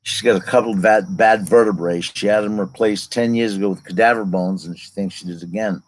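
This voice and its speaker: A man in his fifties tells a long personal story in a casual, unscripted way. His voice sits a little low, and he wanders through side stories before returning to the main thread. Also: steady tone, brisk, rough recording. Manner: rambling, digressive personal storytelling. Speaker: vlogger telling his own story.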